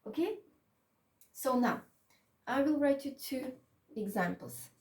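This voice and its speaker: Woman English teacher, non-native speaker, slow and patient, higher voice, echoey room with the mic at a distance. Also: lively intonation, a little mellow. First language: Macedonian. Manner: slow, patient, repeats "okay?" to check understanding; non-native English with small grammar slips. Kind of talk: online grammar lesson.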